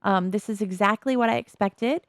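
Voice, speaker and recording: A woman's voice: medium pitch, normal speed, no room sound, studio quality, close to an everyday voice. A woman doing a breezy, resigned game mom. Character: unbothered busy mom in a life-sim game.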